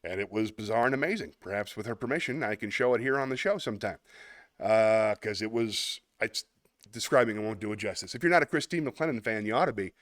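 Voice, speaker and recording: Reading viewer comments aloud, this live online show host chats casually, rambles, and laughs a lot. He speaks quickly and expressively in a fairly low voice, with no room sound in the recording.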